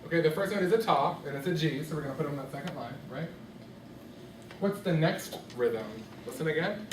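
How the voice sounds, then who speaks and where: Quizzing his music class by name with patience, a man speaks briskly in a voice on the high side. The instruction takes place in an echoey classroom, picked up from afar with background noise.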